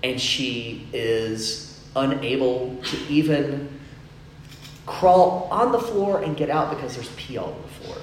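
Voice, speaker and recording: A man's voice: mid-range voice, takes it slowly, slight background noise. A young man preaching a sermon in a casual storytelling way, full of fillers, in a church hall. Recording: echoey room, faint ambience.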